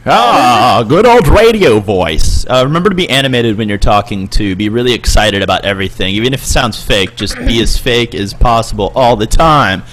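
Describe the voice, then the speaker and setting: A man's voice: fairly low pitch, animated, brisk, few pauses, fairly bright tone. A young man hosting and producing a podcast in casual banter, coaching his co-host and joking around in a mock radio voice.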